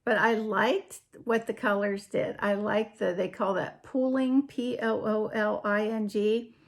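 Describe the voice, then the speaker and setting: A woman hosting a casual crafting show-and-tell, chatty and unhurried, often trailing off and picking up her sentences again. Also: medium pitch, steady tone. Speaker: podcast host.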